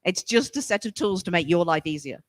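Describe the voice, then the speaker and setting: English woman in her 40s chatting, lively up and down voice, quick to act out voices, dry close sound. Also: on the low side, dry recording. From England. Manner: animated, acts out voices when quoting people; frank and emphatic, swears casually. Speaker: author and guest. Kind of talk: casual conversation.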